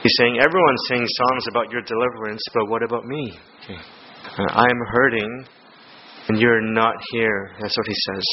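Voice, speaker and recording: A man preaching a sermon in an earnest, conversational way, often checking in with "okay?" and filling pauses with "um". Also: mid-range voice, fairly even intonation, lo-fi sound, slight background noise. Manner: earnest, frequent fillers and "okay?" check-ins.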